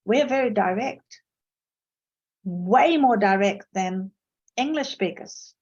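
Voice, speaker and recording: Speaking over a video call with the high frequencies cut off, a lecturer in interpreting recounts anecdotes from her teaching in an online academic seminar. She is from the Netherlands, her first language is Dutch, and her storytelling features emphatic leaps in pitch.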